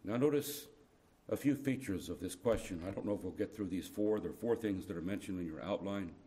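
A middle-aged man preaching a sermon, moving from soft, tender passages to loud, urgent appeals. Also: deep voice, a little fast.

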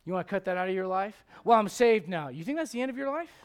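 A middle-aged male pastor preaching a sermon in a church, animated and joking, swinging from loud to hushed. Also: sits high, rapid-fire, smooth.

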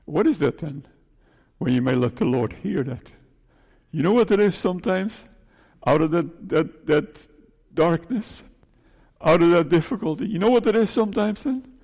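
Dutch-accented pastor with a gravelly voice. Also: male voice, fairly high pitch, animated, measured pace, a little mellow. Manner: pleading, repeats phrases, many "eh?" asides. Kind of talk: sermon. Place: church. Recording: long church reverb.

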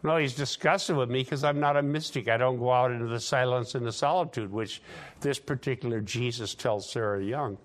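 A man's voice: medium pitch, brisk. A man preaching a sermon, teaching conversationally with sarcastic asides and building emphasis.

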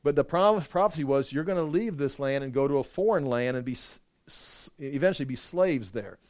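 A man's voice: medium pitch, lively intonation, brisk, darkish tone, no room sound, studio quality. A man preaching a sermon, retelling scripture in a casual storytelling way with asides and jokes.

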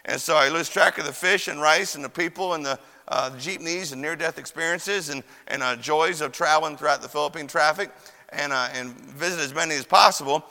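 In a church chapel with long hall reverb, a young man preaches a sermon, his voice fairly high, quick and bright with vocal fry and a forceful edge. He tells folksy stories packed with fillers and quoted voices.

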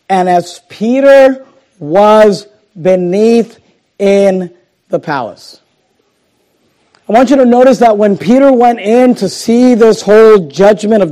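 A male pastor preaching a sermon and reading scripture, moving between loud emphasis and hushed, slowed lines. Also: sits high. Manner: dramatic swings between loud emphasis and hushed, slow delivery.

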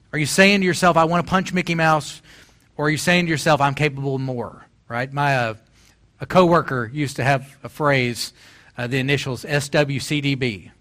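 With a slightly high, somewhat bright voice, this man in his forties delivers a sermon as pastor, moving from storytelling up to emphatic exhortation.

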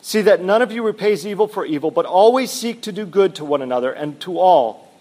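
A man reading as a calm, faithful woman prisoner. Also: sits high, a little fast, voice pushed up. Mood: serene. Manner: earnest reading of a quoted woman.

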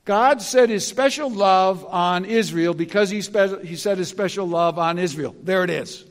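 A man preaching a sermon, deliberate and repeating key phrases for emphasis. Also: high-pitched. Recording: long reverb of a large hall.

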